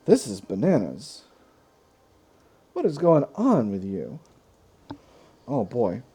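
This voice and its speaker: A man's voice: medium pitch, huge pitch swings, slow, mellow, slightly rough. A man hosting a strategy game let's play, talking casually and thinking aloud with asides and self-corrections. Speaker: gaming video host.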